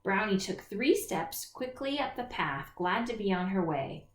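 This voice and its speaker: A woman reading a children's picture book aloud in an expressive storytelling manner, in a roomy recording. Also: mid-range voice, a little slow. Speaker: storybook reader. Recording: roomy echo.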